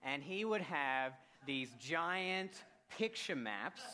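A young Australian man preaching a church sermon as an intern, jokey and animated, with sudden quiet drops. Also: on the high side, slow, hardly any pauses.

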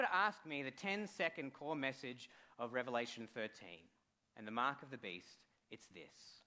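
A young Australian man preaches a church sermon as an intern, speaking at medium pitch and normal speed. He's jokey and animated, with sudden drops into quiet.

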